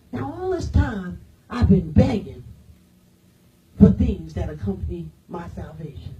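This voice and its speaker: A woman pastor preaching a sermon, firing rhetorical questions at the congregation and swinging from loud declarations to hushed, near-whispered lines. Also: on the low side, sing-song, unhurried, long pauses, far from the mic, lo-fi sound, slight background noise.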